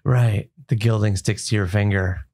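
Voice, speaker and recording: A man's voice: lowish voice, fairly even intonation, moderate pace, a little mellow. A man hosting a podcast, asking curious, thoughtful questions in casual chat. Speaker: podcast host.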